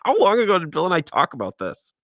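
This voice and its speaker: A male sports radio host in a studio, chatting with callers in an animated, joking way. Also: high-pitched, fast, no room sound. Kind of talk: casual chat.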